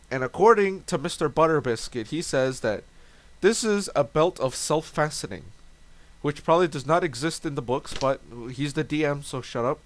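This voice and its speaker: Young man, casual game recap, rambling, self-correcting, fairly high pitch, dry close sound. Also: animated, moderate pace, dry recording. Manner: rambling, self-interrupting, swearing. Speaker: vlogger recapping a tabletop game.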